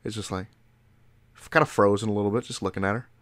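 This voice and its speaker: A young man with a lowish voice tells a funny story in bursts, swearing and tripping over his restarts. The sound is dry and close to the mic. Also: fast, no room sound. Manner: profane, excitable storyteller, restarts a lot. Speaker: podcast co-host. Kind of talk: casual storytelling chat.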